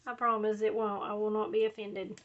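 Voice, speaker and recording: A woman's voice: mid-range voice, little pitch movement, fairly quick, fairly bright tone, dull audio. A woman, chatting casually and rambling while she does a scrapbooking project at home. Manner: chatty, drawling, says y'all and like a lot. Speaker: scrapbooking video host.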